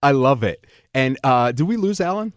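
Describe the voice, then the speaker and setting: A man's voice: mid-range voice, lively intonation, normal speed, no room sound. Male host, casual chat, rambling questions, dry close recording. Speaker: interviewer host.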